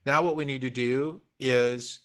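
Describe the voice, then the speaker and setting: A middle-aged man leads an online real estate class, speaking at an ordinary pitch for a man. He coaxes and encourages, repeating himself as he walks students through each figure. He is recorded on a computer mic during a video call. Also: fairly even intonation, a little slow. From Oregon. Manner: coaxing, encouraging, repeats phrases.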